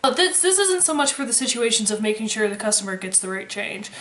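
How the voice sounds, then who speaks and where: A woman's voice: fairly high pitch, very animated, fast talker, a bit bright. Sarcastic young woman vlogger, roomy echo. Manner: sarcastic, swears freely, dry humor. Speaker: vlogger, former waitress. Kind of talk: casual chat to camera.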